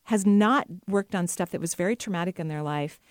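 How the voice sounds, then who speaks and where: A woman's voice: lowish voice, fairly quick, no echo. Middle-aged lady psychic hosting radio, chatty, laughs a lot, dry studio sound. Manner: chatty, enthusiastic, laughs easily. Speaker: radio host and psychic medium. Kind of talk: casual radio talk.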